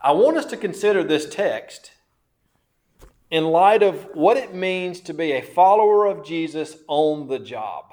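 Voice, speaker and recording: A man preaching a sermon, slow and emphatic, repeating phrases and asking questions of his listeners. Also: fairly high pitch, expressive, a little mellow. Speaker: pastor.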